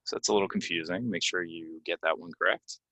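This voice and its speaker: A man teaching English pronunciation from slides, repeating each word slowly and giving example sentences with many ums. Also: sits low, steady tone, bright, forceful tone, no room sound, poor audio. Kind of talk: slide-based pronunciation lesson.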